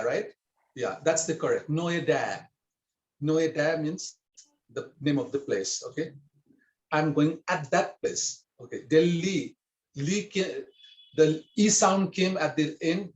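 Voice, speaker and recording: A man's voice: fairly high pitch, reverberant. A man teaching a language class, patiently explaining and checking in with his students. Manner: patient, repeats and checks with "okay?". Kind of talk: online language lesson.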